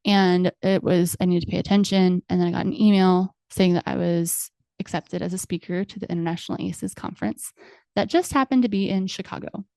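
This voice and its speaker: A woman's voice: on the low side, fairly even intonation, brisk, gravelly, mellow, dry recording, studio quality. A woman in her thirties hosting a podcast, candidly telling a personal story in a chatty way with many fillers. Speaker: podcast host.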